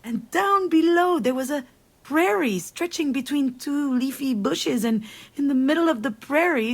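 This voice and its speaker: A woman's voice: high-pitched, exaggerated voice. A woman voicing a wry, anxious middle-aged woman in a video game, speaking earnestly and with feeling. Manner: earnest, emotional storytelling.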